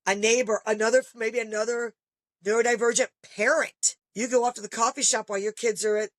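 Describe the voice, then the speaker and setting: A woman's voice: a little high, no room sound. A middle-aged woman, a parent, talking casually and animatedly, acting out the people she quotes. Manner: animated storyteller, acts out quoted voices. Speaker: guest parent. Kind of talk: casual podcast conversation.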